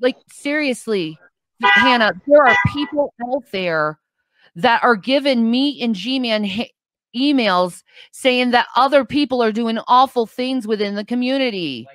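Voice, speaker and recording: A woman's voice: on the high side, lively intonation, measured pace, fairly bright tone, no room sound. A woman hosting a live call-in stream, blunt and profane, who calls her guests sweetheart and hon.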